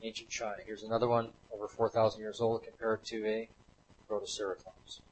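A man's voice: lowish voice, little pitch movement, fairly quick, slight background noise, low-quality recording. A man giving a slide lecture to a live audience, talking emphatically and repeating his points over and over.

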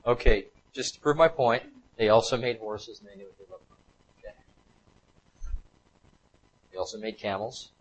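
A man's voice: fairly low pitch, moderate pace, pauses often, husky, poor audio. A man giving a slide lecture to a live audience, talking emphatically and repeating his points over and over.

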